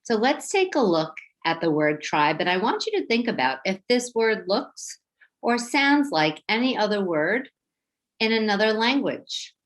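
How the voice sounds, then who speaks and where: New york teacher lady, slow and clear, voice goes way up and down, sounding out words for little kids. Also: medium pitch, sing-song. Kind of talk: children's phonics lesson.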